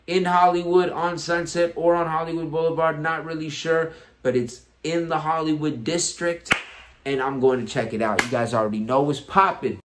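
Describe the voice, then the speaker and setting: A young man hosting a casual food vlog, talking loosely and excitedly to his viewers in slang. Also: on the high side, moderate pace, background noise. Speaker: podcast host. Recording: music playing behind.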